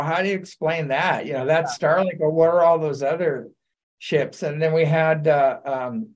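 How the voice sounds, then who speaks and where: A man telling lively anecdotes on a talk radio show, laughing and acting out quotes. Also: a little high. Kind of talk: casual storytelling on talk radio.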